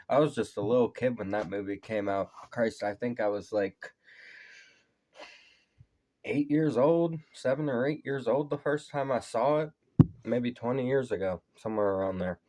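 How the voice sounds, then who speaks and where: A man's voice: mid-range voice, darkish tone. A man in his thirties hosting a casual reaction video, laid-back and swearing freely, his voice tired from a day of talking at work. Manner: laid-back, swears a lot, laughs often.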